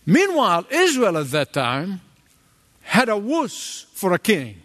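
A man preaching a sermon as pastor, dramatic and animated, acting out the voices of the people in his story. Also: high-pitched, unhurried, in a large hall.

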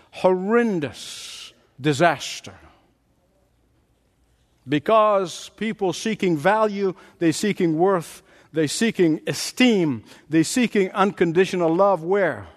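A man's voice: sits high, in a large hall. A man preaching a sermon as pastor in a large church, emphatic and repetitive, swinging his delivery up and down for effect.

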